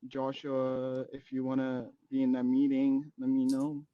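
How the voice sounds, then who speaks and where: A young man in casual chat on a video call, curious and asking quick questions. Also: medium pitch, monotone, no echo, narrow, tinny audio.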